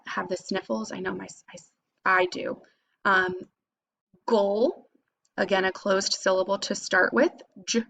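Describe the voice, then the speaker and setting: A woman teacher giving a phonics lesson to young students, patiently sounding out syllables slowly and clearly. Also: mid-range voice, fairly bright tone.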